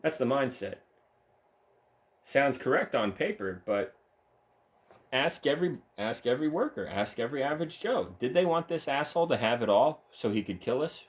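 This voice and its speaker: A man's voice: mid-range voice, animated, normal speed. A man delivering a solo monologue, ranting with scorn and a lot of swearing. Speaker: channel host.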